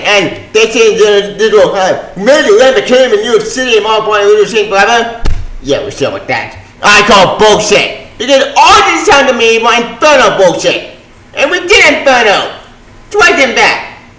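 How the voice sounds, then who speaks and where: A man ranting on his own channel, swearing, shouting and exasperated. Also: sits high, echoey room, poor audio. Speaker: comic book vlogger. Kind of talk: angry rant.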